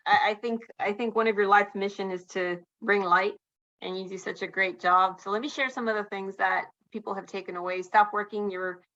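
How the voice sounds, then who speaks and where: A woman's voice: medium pitch, fairly even intonation, brisk, sharp tone. Upbeat woman hosting a webinar, dull audio. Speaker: webinar host. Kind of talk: reading out chat comments. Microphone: video call.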